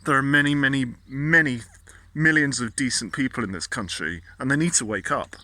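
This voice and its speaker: A man's voice: mid-range voice, brisk, sharp tone, no room sound. A man, ranting casually and indignantly, often stumbling and repeating words. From Britain. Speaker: vlogger. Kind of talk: casual political rant.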